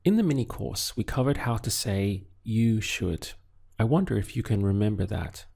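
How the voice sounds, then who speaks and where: A man teaching a Spanish lesson in a calm, measured voice, asking the listener to answer and then giving each phrase. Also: fairly low pitch, vocal fry, slightly rough. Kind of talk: scripted language lesson.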